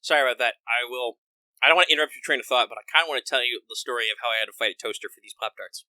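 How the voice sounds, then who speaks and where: A man co-hosting a podcast, telling quick, profane stories in casual chat. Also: mid-range voice, sharp tone, no room sound. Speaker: podcast co-host.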